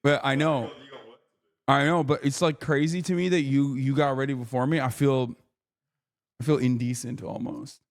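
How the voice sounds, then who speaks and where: A man's voice: mid-range voice, steady tone, moderate pace. A man hosting a livestream, ranting profanely at his chat while commenting on the news. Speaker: streamer host.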